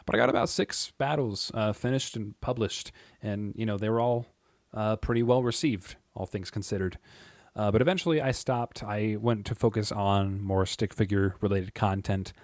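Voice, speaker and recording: Man, deep low voice, rambling casual talk, chuckles, fillers. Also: moderate pace, no room sound, clean studio sound. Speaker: channel host. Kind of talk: casual monologue.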